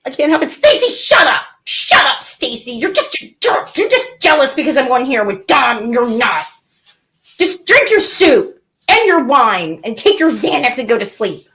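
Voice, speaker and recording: A woman's voice: high voice, big pitch swings, normal speed, fairly bright tone, full character voice. A woman playing a melodramatic, weepy reality-TV woman in a live comedy parody, whiny and swinging into mock tears. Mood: dramatic.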